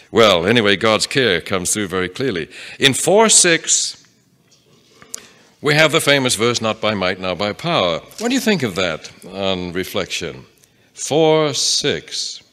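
A man leads a Bible class before a live audience. His voice is bright and his pitch moves a lot, rising and falling as he reads scripture aloud and puts questions to the room in a relaxed, conversational way. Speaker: Bible teacher. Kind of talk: interactive Bible class lecture.

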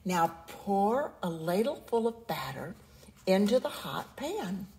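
A woman voicing a patient mother in a storybook, giving calm step-by-step instructions. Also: mid-range voice, takes it slowly, creaky, heavily acted. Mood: instructive.

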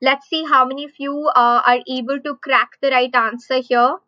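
A woman with an Indian English accent teaching a live online exam-prep class, repeating questions slowly for emphasis. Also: sits high, steady tone, no room sound, dull audio.

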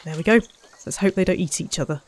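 A woman's voice: on the low side, quick pace, darkish tone. Chatty woman playing a zoo game. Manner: chatty, self-mocking, talks to the animals and visitors. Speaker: let's play host. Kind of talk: casual gameplay commentary.

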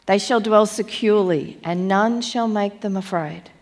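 A woman preacher giving a sermon, reading scripture aloud in a measured, emphatic way and slowing down on key phrases. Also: mid-range voice, darkish tone. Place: church.

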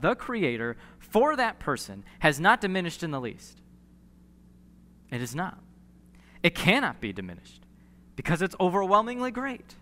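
A man delivers an earnest sermon in a bright, forceful voice that sits slightly high. He presses on key words, repeating phrases for weight. Long reverb from the church hall trails each line. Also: huge pitch swings. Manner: earnest preaching with emphatic pauses and repeated phrases. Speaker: pastor. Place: church sanctuary.

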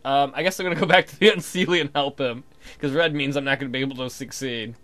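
A man's voice: medium pitch, fairly even intonation, quick pace, fairly bright tone. A man casually commenting on his gameplay, swearing, thinking aloud, and reading the game text. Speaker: let's play gamer.

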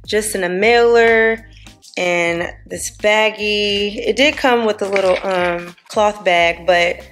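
A woman's voice: mid-range voice, slow pace, a bit bright, soft background music. A young adult woman chatting casually in a family vlog, blunt and joking, scolding her kids playfully. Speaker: vlogger mom.

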